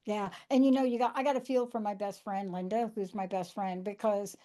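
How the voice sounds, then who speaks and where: A woman's voice: mid-range voice, steady tone, a little fast, dark tone. A woman hosting a podcast, telling stories in a chatty, emphatic way and repeating words for stress. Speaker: podcast host. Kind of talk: casual podcast conversation.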